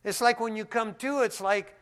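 A man preaching a sermon in a church, his voice sitting somewhat high for a man. He talks in a folksy, down-to-earth way, swinging from hushed asides to loud, excited stretches. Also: normal speed. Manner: folksy, says "man" often. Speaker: pastor.

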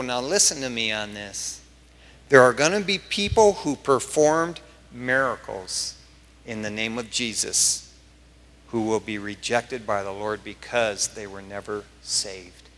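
A male pastor preaching a verse-by-verse sermon, emphatic and full of stories, his voice swinging up in excited bursts. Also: fairly low pitch, unhurried, big-room sound.

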